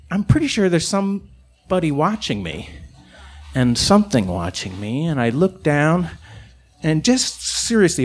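A man from Chicago telling a rambling, profane comic story on stage in an animated way. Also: fairly high pitch.

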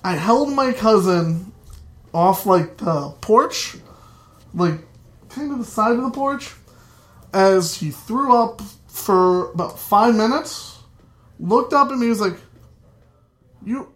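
A man telling a comic story to a live audience, lively and loose, swearing freely. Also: sits high, takes it slowly.

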